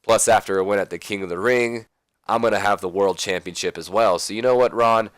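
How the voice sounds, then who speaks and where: A man's voice: fairly low pitch, brisk, no room sound, lightly acted. A man voicing a cocky male wrestling champion who gloats and talks down to a rival, in a smug, dismissive way.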